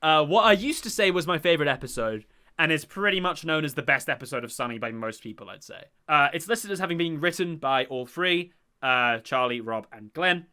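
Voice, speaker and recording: Bright-voiced, enthusiastic young man. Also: fairly high pitch, lively intonation, brisk, smooth. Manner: enthusiastic, rambling with many fillers. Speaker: podcast host. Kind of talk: casual chat.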